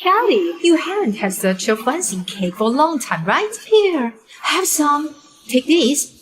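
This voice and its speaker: A woman's voice: high voice, sing-song, a little slow, noisy background. A woman voicing a cruel, spoiled young rich woman who taunts and mocks in a dubbed drama. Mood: taunting. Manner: taunting, mocking.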